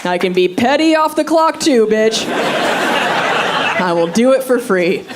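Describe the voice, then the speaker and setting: A woman performing a brash, animated stand-up set on a club stage. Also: fairly high pitch, slow. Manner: brash, animated storytelling with quoted voices. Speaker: stand-up comedian. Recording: loud crowd and room noise. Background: crowd laughing.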